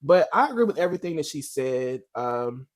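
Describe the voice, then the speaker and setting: A man's voice: medium pitch, big pitch swings, moderate pace. A man hosting a casual reaction video, talking in a chatty, slangy, emphatic way. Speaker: commentary video host.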